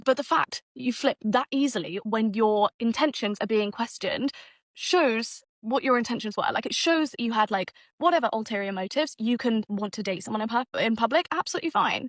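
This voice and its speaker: A young woman from London with a London accent talks fast and animatedly, spilling a storytime rant straight into the camera. Her voice sits a little high. The sound is dry and close. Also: no room sound, poor audio. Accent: London English. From England. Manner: animated, chatty, swears casually. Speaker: vlogger. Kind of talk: storytime vlog.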